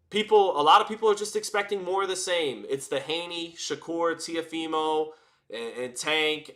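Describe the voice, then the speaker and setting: Bright, animated male live-stream commentator. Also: medium pitch. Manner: animated, rambling, frequent restarts and fillers. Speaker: boxing commentator and livestream host.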